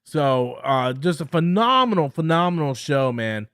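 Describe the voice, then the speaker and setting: Man, high voice, dry close sound; halting, excitable live-stream reviewer who repeats himself. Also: clean tone, no echo. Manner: halting, repeats words, enthusiastic. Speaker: show review host.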